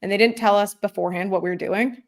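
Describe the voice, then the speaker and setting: A woman's voice: mid-range voice, fairly even intonation, quick pace. A Canadian woman chatting as a podcast guest, bubbly and talkative with many fillers. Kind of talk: casual chat.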